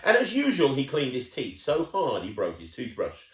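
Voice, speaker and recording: A man's voice: medium pitch, wildly swooping pitch, normal speed, echoey room. A man reading a children's picture book aloud, playful and chatty, breaking off to talk with the child listening. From United Kingdom. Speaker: children's storyteller.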